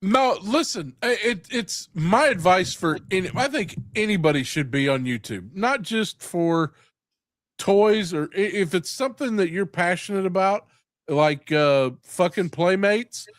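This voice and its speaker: Guy hosting a chill live stream, kinda high voice, rambly and swears a lot, dry sound. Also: animated, unhurried, no echo. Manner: rambling, profane, laughs often. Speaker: host. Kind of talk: casual live-stream chat.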